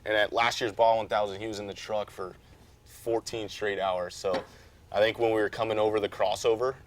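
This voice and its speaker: A man talking casually as a guest about racing, easygoing and rambling, getting animated when he retells a story. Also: lowish voice, brisk. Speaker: off-road truck racer, guest. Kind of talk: casual chat.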